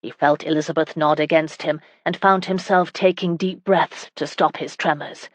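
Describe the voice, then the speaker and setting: A woman narrating a historical romance audiobook in a steady, even reading. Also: low-pitched, normal speed, no room sound. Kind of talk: scripted narration.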